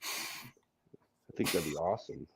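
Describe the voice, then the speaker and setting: A man's voice: very deep voice, slow, gravelly, slight background noise. A man co-hosting a livestream, chatting casually in a joking, rambling way. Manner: joking, rambling, laughs often. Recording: muffled lo-fi audio.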